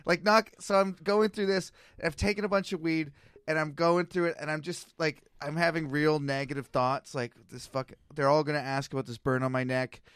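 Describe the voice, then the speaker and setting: A Canadian man in his thirties co-hosts a podcast, telling a rambling story full of swearing and self-mocking laughs in a casual chat. His voice is on the high side, bright and clean, with fairly even intonation at normal speed and no room sound.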